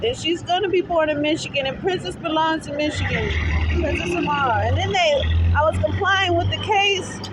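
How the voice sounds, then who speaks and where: High-voiced woman crying in an angry rant. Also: moderate pace. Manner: angry, tearful, profane, repetitive. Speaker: mother posting a video appeal. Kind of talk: emotional selfie vlog rant. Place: outdoors at a city bus stop. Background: faint street traffic and passersby.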